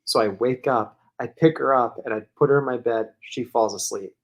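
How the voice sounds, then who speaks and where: A podcast co-host with a mid-range male voice tells a long, casual, rambling story at normal speed. He packs it with "like" and laughs as he goes.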